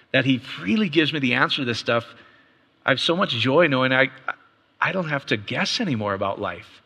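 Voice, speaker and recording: Bright-voiced male preacher in a hall. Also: fairly high pitch, animated. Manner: conversational preaching, quick asides and rhetorical questions. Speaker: pastor. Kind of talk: sermon. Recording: long reverb of a hall.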